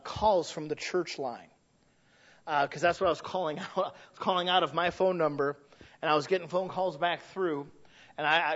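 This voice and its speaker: A man preaching a sermon with passion. He tells stories along the way and sometimes builds to shouted emphasis. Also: a little high, highs cut off. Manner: impassioned, rising to shouted emphasis; storytelling asides.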